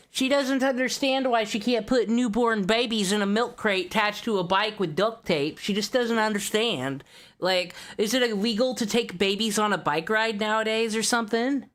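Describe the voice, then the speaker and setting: A woman's voice: on the high side, normal speed, a bit bright. A woman streamer chatting casually, wry and rambling, swearing offhandedly.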